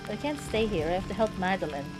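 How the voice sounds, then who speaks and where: A woman's voice: medium pitch, very animated, fast talker, lightly acted, rough recording. A woman reading the lines of a troubled middle-aged male artist lost in a dream, in a plain reading voice, over game music. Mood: bewildered.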